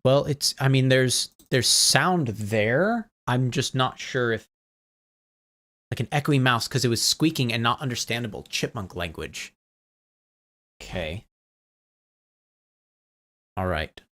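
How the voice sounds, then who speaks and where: Lively chatty male game streamer. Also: mid-range voice, slow, pauses often. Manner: rambling, troubleshooting audio with chat, laughs often. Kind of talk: casual live-stream chat.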